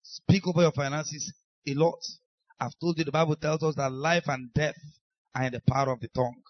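A man's voice: on the high side, steady tone, a little fast, lo-fi sound. Emphatic Nigerian preacher man. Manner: emphatic, acts out quoted speakers. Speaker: pastor. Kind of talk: sermon.

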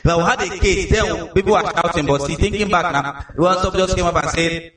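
Nigerian guy preaching, kinda high voice, far off in a big echoey hall. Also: fairly quick, few pauses. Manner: lively storytelling with repeated words. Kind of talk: sermon.

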